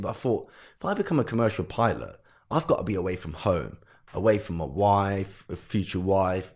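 A young man, a guest entrepreneur, telling his life story in a podcast interview and acting out what his parents and teachers said. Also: on the low side. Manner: animated storyteller who acts out quotes of family.

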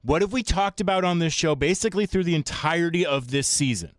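A man's voice: on the high side, fast, no room sound. Sports radio host, male, opinionated and blunt, very dry close-mic studio sound. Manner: opinionated, blunt, animated rants. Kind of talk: sports talk radio chat.

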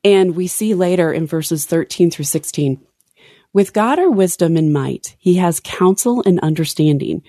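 Expressive woman co-hosting a Bible podcast. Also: on the low side, a little slow, dry recording, studio quality. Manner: expressive, reads scripture aloud, self-interrupting. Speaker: podcast co-host. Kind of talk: casual Bible study chat.

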